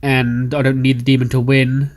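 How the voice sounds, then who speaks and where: An earnest young male wrestler pleads his case quickly and defensively, as a man puts him on. His voice stays close to an everyday tone. It's a casual game-recap voice. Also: medium pitch, flat delivery, lightly acted. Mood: calm.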